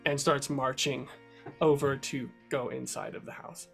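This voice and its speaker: A man's voice: mid-range voice, little pitch movement, moderate pace, gravelly, a bit bright, faint music behind. A man narrating a tabletop game as game master, in loose, rambling speech full of fillers.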